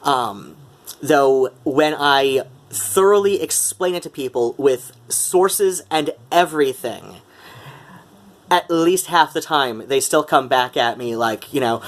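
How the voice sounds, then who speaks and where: A man's voice: a little high, slow, fairly bright tone. Rambling man in Mid-Atlantic accent. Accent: put-on Mid-Atlantic. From Metro Detroit, USA. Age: middle-aged. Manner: rambling, many fillers and restarts, wry. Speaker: vlogger. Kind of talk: casual talk to camera.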